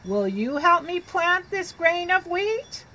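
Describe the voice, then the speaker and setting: A woman's voice: extremely high pitch, big pitch swings, slow, sharp tone, dull audio, voice pushed up, exaggerated voice. A woman voicing an earnest little mother hen.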